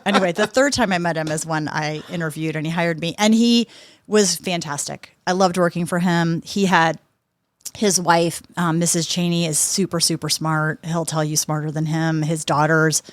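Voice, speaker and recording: A woman in her fifties, a guest on a podcast, telling lively anecdotes and acting out what people said. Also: low voice, normal speed, no echo. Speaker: podcast guest, sports executive. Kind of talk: conversational interview storytelling.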